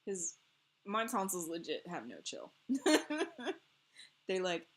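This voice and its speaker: A woman co-hosting a game stream, chatting casually in a rambling, animated way and laughing often between phrases. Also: on the low side, takes it slowly, pauses often. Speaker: stream co-host.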